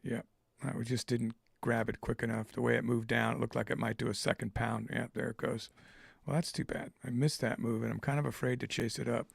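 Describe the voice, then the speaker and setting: A man giving live trading commentary. He thinks aloud in a halting way, with many fillers. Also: medium pitch, little pitch movement, vocal fry, breathy edge, no echo. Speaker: trader streaming live.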